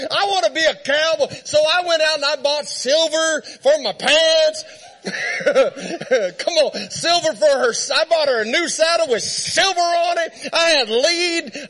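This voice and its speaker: A man preaching with a strikingly high voice that rings bright and forceful. He tells a comic story in his sermon and keeps it lively, laughing as he goes. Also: moderate pace, few pauses.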